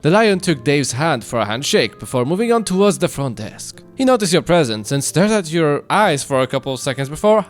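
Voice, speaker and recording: A man with a fairly high, very animated voice reads a visual novel's narration aloud for friends. His narration is plain, with laughing asides. Faint music sits behind him. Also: a little fast, few pauses. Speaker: narrator reader. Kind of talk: reading game narration aloud.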